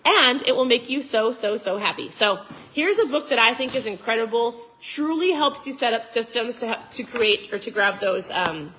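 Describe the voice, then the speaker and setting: Brief: woman vlogger, motivational talk, fired up and nearly yelling, bright and a touch high. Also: animated, moderate pace, hardly any pauses, a little hiss or hum. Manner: emphatic, preachy.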